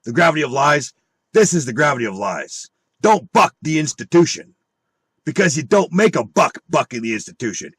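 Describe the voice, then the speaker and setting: A man's voice: on the high side, big pitch swings, moderate pace, husky, no room sound. A man on an angry monologue full of swearing and rhetorical questions. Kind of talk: angry profane rant.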